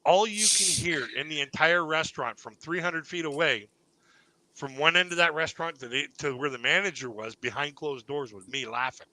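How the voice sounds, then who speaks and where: A man's voice: on the high side, normal speed, pushed and bright, no echo, poor audio. A man hosting a live online comedy panel, telling a long rambling anecdote and laughing at his own story. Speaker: stand-up comedian host.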